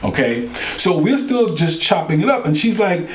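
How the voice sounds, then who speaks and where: Animated New man telling a story. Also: fairly high pitch, normal speed, echoey room. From New York. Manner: animated, acts out quoted dialogue with colloquial slang. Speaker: podcast co-host. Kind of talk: casual storytelling chat.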